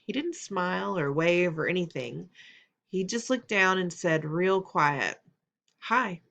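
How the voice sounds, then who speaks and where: A woman narrating a children's novel as an expressive audiobook reader. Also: on the low side, a little slow, gravelly.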